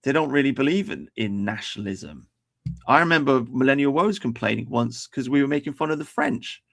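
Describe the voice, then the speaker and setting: An English man hosts a livestream of casual commentary, rambling and profane, restarting his sentences often. His mid-range voice is sing-song, fairly quick, creaky, and fairly bright in tone.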